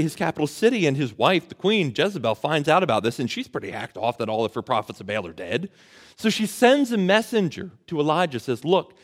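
Lively, fairly high-voiced male preacher. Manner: conversational, asks the audience questions; storytelling with casual slang. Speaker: pastor. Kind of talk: sermon.

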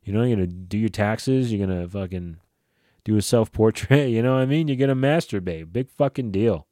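A man in his forties talks loosely through his solo podcast, swearing freely and stumbling over fillers and restarts. His voice sits a little low and has a dark, mellow tone. The recording is dry and close, with no room sound. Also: brisk, no echo. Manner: rambling, profane, lots of fillers and restarts. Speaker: podcast host. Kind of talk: casual solo podcast talk.

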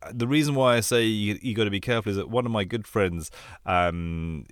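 A British man with a low-pitched voice chats casually as a podcast co-host. He is playful and teasing. He is recorded dry and close, with no room sound. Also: a little fast, clear, resonant tone, no echo. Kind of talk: casual chat.

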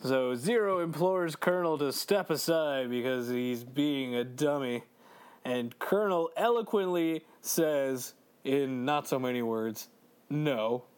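A man co-hosting a casual video game chat, excitable, swearing freely and laughing often. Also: mid-range voice, measured pace, clear, resonant tone. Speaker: let's play co-host.

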